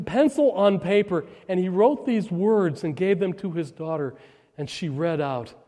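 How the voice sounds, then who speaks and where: A male pastor delivers an Easter sermon in a church sanctuary, his fairly high voice ringing out with a long reverb. He swings from loud, rising proclamation down to soft, slowed prayer.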